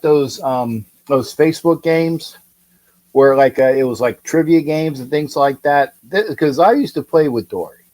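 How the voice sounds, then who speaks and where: Slow, rambling man hosting a sports livestream. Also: medium pitch, a little mellow, rough recording. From California. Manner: rambling, chatty, reads viewer comments aloud. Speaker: sports talk livestream host. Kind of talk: casual live-stream sports talk.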